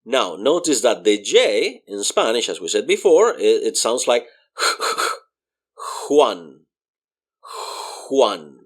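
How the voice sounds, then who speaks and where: Slow, lively-voiced man teaching Spanish. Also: medium pitch. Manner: spells words slowly letter by letter and repeats them; patient, explains pronunciation step by step. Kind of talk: beginner language lesson.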